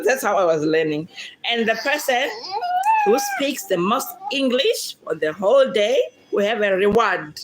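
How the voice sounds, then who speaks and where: A woman's voice: medium pitch, expressive, moderate pace, background noise. A woman with a Zimbabwean accent, a native Shona speaker, chatting with viewers in a casual question-and-answer vlog, talking to them directly and laughing often.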